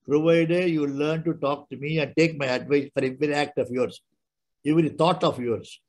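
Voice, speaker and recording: An older man, giving a devotional talk and telling stories with acted-out dialogue and halting restarts. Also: on the high side, poor audio. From India. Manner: halting, repeats words and restarts, acts out dialogue. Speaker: spiritual speaker.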